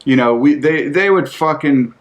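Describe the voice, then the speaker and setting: A man's voice: fairly high pitch, moderate pace. Rambling, profane man telling stories. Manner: loose, profane, rambling with many fillers. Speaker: storyteller recounting skate trips. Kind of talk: casual storytelling.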